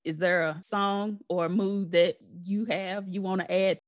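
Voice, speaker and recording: A woman's voice: medium pitch, a little slow. A woman hosting a podcast, chatting casually and laughing easily with her guest. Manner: laughs often, relaxed storytelling. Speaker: podcast host. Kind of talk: casual chat.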